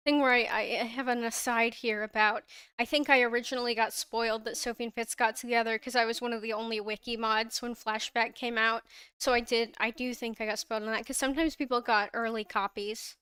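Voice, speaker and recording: A young woman hosts a livestream, chatting casually and gushing about a fandom with frequent giggles and restarts, close to her own microphone. Her voice sits on the high side, smooth and fairly bright, in a dry recording.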